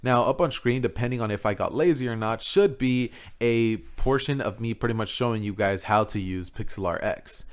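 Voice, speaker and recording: A man's voice: mid-range voice, normal speed, hardly any pauses, smooth. Laid-back male YouTuber rambling casually. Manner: laid-back, rambling with fillers and self-mocking asides. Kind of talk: casual video tutorial. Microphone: XLR studio microphone.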